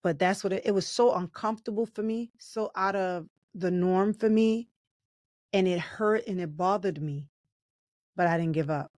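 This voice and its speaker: A woman's voice: lowish voice, normal speed, darkish tone, no echo, clean studio sound. A middle-aged woman from New York co-hosting a podcast, speaking in an upbeat, encouraging, motivational way. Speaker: podcast co-host. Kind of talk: casual podcast chat.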